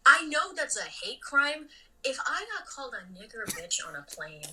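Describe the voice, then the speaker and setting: A woman comedian chatting casually as a podcast guest, blunt and animated, swinging between loud remarks and muttered asides. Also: high-pitched, normal speed, far from the mic, background noise.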